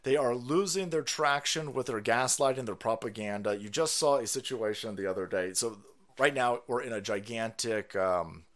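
A middle-aged man hosting a livestream, ranting loudly in a profane, sarcastic way and laughing often. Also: mid-range voice, normal speed. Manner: loud, laughing, foul-mouthed, sarcastic. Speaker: livestream host. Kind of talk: profane political rant.

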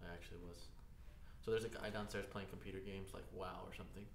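A man's voice: low-pitched, fairly even intonation, fast talker. A man co-hosting a podcast in casual chat, rambling, losing his train of thought and saying "dude" constantly, recorded in a library. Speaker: podcast co-host. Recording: echoey room with faint noise.

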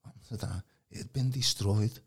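A man telling his personal testimony in a casual, animated way. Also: lowish voice, a little fast, breathy edge. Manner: animated, acts out quoted voices, calls the host mate. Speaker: guest giving testimony. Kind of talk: casual storytelling.

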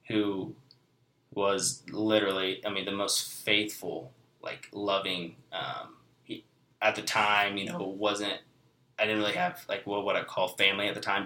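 A man in his twenties gives a heartfelt personal testimony, rambling and filling pauses with "you know" and "like". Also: low voice, sharp tone. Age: 20s. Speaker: guest. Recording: echoey room.

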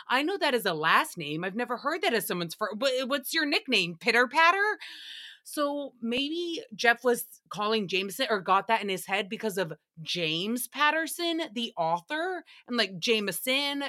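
A woman's voice: a little high, bright, forceful tone. A young woman hosting a podcast, recapping a show alone in a sassy, profane, chatty way with acted-out quotes. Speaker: podcast host. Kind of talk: casual solo recap commentary.

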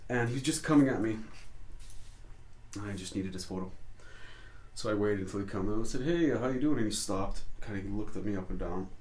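A man's voice: on the low side, brisk, long pauses. A man, a street photographer, telling stories loosely in an interview and swearing a lot. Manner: loose, swearing, animated storytelling. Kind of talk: casual storytelling interview. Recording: echoey room with faint noise.

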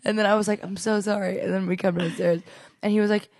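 A young woman co-hosting a casual podcast chat, telling stories in an animated way and laughing often. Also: mid-range voice, fast, dry recording, clean studio sound. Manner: animated storytelling, acts out quotes, laughs often. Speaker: podcast co-host.

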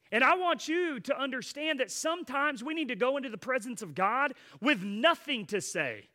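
High-voiced, very bright male pastor preaching. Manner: earnest preaching mixed with chatty, humorous asides. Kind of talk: sermon.

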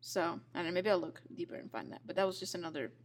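A woman's voice: lowish voice, very fast. Young woman, podcast co-host, casual chat, hedging, loose and chatty. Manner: chatty, hedging, unsure of her memories.

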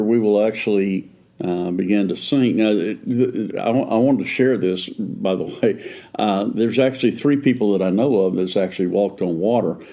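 Low, mellow-voiced man preaching conversationally. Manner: earnest, conversational, frequent restarts. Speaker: pastor and podcast co-host. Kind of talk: faith podcast conversation.

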